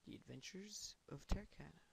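A man's voice: fairly high pitch, animated, moderate pace, vocal fry, a little hiss or hum. A man giving casual, rambling gameplay commentary, sarcastic and chanting words under his breath. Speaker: gamer.

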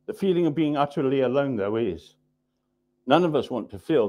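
A man preaching a sermon in a church, driving points home through repetition and often dropping his voice low and quiet for emphasis. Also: expressive, a little fast, highs cut off. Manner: emphatic repetition, drops low and soft for weight.

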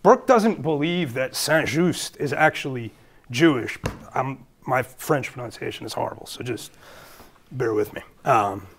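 A man's voice: mid-range voice, expressive, unhurried, a little hiss or hum. A man with a Brooklyn accent giving a public lecture as a guest speaker, earnest and thinking aloud with fillers and restarts.

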